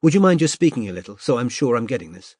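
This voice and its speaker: A poised young woman detective working undercover, her voice lifted and bright with polished middle-class manners, as a male narrator puts her on. An audiobook reading recorded dry and close, with no room around it. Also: medium pitch, sing-song, fast talker, breathy edge, no echo. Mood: bright, friendly.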